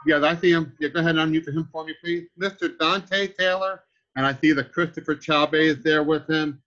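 A man's voice: a little high, fairly even intonation, brisk, a bit bright. A man hosting an online training call, giving an upbeat motivational talk to the group and calling them guys. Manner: upbeat, addresses listeners as guys. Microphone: video call. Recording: dull lo-fi call audio.

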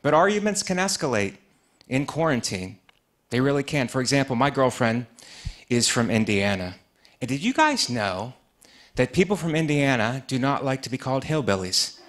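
A man's voice: mid-range voice, big pitch swings, normal speed, a bit bright. Dry stand-up comic man. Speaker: stand-up comedian. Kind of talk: stand-up comedy set.

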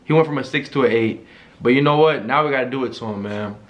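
A man giving casual reaction commentary, animated, slangy and joking. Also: mid-range voice, fast talker, muffled recording. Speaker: YouTuber reacting to a video.

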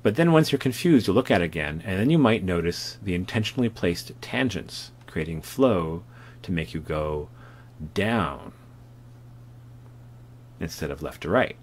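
A man's voice: deep voice, animated, normal speed. A man with a Canadian accent giving a conversational lecture about comics art from home, with frequent fillers and restarts. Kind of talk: recorded lecture with slides, self-recorded at home.

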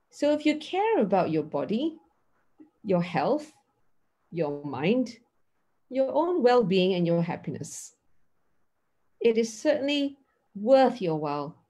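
Middle-aged woman teaching mindfulness, husky voice, pitch bouncing all over, earnest. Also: takes it slowly, pauses often. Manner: earnest, acts out dialogues with lively emphasis. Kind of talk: teaching talk.

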